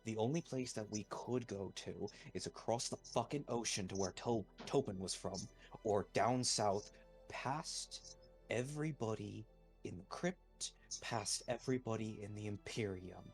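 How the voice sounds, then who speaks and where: A man playing a tabletop role-playing game, arguing in character in a blunt, profane and forceful way. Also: lowish voice, measured pace, soft background music.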